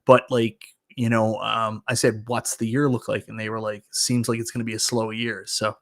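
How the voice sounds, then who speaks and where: A man from Newfoundland with a Newfoundland accent, co-hosting a casual stream chat and explaining things in a measured way. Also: on the low side, level tone, no echo, clean studio sound. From Newfoundland, Canada. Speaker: podcast co-host.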